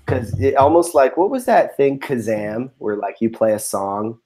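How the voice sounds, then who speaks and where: A man's voice: medium pitch, moderate pace, a crowd in the background. A man hosting a podcast, chatting casually and rambling with many fillers. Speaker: podcast host. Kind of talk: casual chat.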